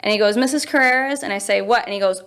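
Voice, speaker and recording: A woman in her twenties, a youth pastor and teacher, telling stories in a casual interview and acting out quotes with big jumps in her voice. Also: fast. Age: 20s. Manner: animated, acts out quotes with big pitch jumps.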